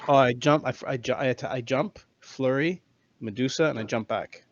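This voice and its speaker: A man's voice: mid-range voice, a little fast, dull audio. Stumbling man checking his dice rolls. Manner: stumbling, self-correcting about dice rolls. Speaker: player. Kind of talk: casual tabletop game chat.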